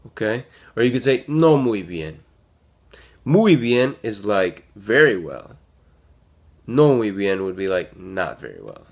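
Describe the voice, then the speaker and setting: A man with a fairly low voice teaches a relaxed classroom lesson. He repeats phrases patiently and keeps checking understanding with quick "right?" and "okay?" asides. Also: creaky. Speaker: Spanish teacher.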